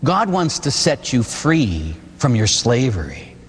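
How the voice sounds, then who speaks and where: A man preaching a sermon as a Catholic priest, telling stories with lively, acted-out voices. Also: mid-range voice, slow, breathy edge. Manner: animated storytelling preacher, acts out voices. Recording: reverberant hall.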